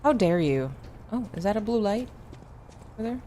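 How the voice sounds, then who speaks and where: A woman's voice: medium pitch, very animated, moderate pace, mellow, a little hiss or hum. Playful woman streamer. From United States. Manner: playful, chatty, reads and answers chat. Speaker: VTuber streamer. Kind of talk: casual gameplay stream chat.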